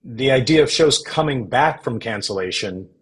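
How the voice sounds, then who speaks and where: A man guest on a podcast, telling stories in a measured, anecdotal way about his acting career. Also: medium pitch, expressive, poor audio. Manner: anecdotal, measured, uses quoted voices. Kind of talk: relaxed storytelling conversation.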